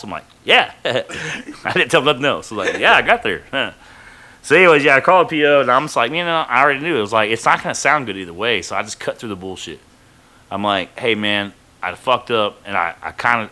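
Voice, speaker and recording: A man's voice: fairly low pitch, expressive, a little fast, pushed and bright. A man casually telling a rambling, profane story from his own life on a podcast, full of fillers.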